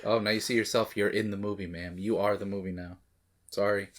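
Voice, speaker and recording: A man's voice: fairly low pitch, fairly even intonation, fairly quick, noisy background. A man hosting a movie reaction, rambling and joking as he talks back to the screen. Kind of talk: casual reaction commentary.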